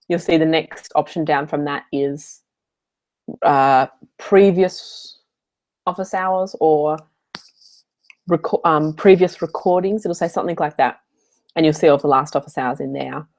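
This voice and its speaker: A woman's voice: sits low, unhurried, long pauses, darkish tone. A woman coaching in a casual, chatty live Q&A from a hotel room, wandering into side stories and laughing as she goes. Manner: chatty, digressive, laughs often. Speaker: online business coach hosting office hours.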